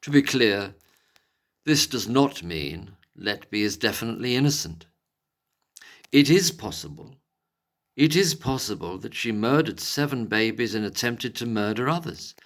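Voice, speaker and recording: A prissy upper-crust gent, as a man puts him on, lifted a touch higher and louder than his own talk, every word crisp and measured, sounding pleased with himself. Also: lively intonation. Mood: prim, superior. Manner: exaggerated posh enunciation. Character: posh, prim male commentator, measured and superior.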